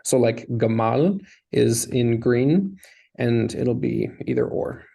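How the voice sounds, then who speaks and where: A man's voice: medium pitch, expressive, slow pace, vocal fry, dark tone, poor audio. A man teaching a Hebrew lesson, explaining patiently step by step. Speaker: language teacher.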